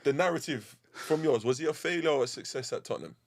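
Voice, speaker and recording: Man, football podcast co-host, lively and playful, laughs a lot, dry close sound. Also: mid-range voice, fast, vocal fry, no echo. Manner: animated, laughing, playful arguing. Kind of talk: casual football chat.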